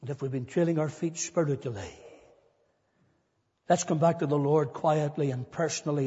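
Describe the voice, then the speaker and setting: A man preaches with an earnest, rising intensity, his voice pitched high and a little husky. The sound carries a long church reverb. The recording is dull and lo-fi. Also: normal speed, long pauses, dark tone. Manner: earnest, building to emphatic repetition. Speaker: pastor. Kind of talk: sermon.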